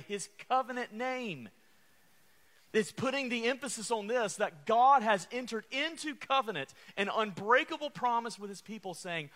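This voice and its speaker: A man's voice: high voice, animated, normal speed, bright, forceful tone. A man preaching a sermon, calling out to the congregation and repeating refrains. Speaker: pastor.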